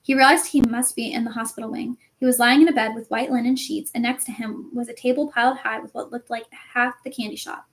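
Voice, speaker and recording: A woman reading a novel aloud as narrator, with expressive, dramatic storytelling. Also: fairly high pitch, a little fast, hardly any pauses. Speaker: audiobook reader.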